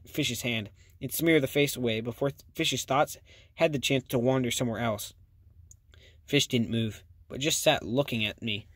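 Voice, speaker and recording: A man's voice: medium pitch, no echo, studio quality. A man narrating a first-person audiobook in a plain reading voice, with small slips and restarts.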